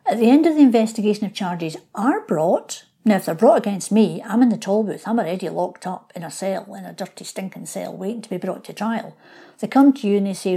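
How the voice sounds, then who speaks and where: Talking fairly quickly in a warm, slightly rough voice of medium pitch, a local historian guest lays out her explanations in an interview. She occasionally acts out the voices of people she mentions.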